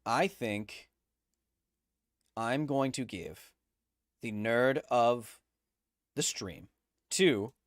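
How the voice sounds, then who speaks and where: A man's voice: mid-range voice, very slow, long pauses, dry recording, studio quality. A man hosting a livestream, chatting casually and rambling with lots of fillers and restarts. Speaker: host.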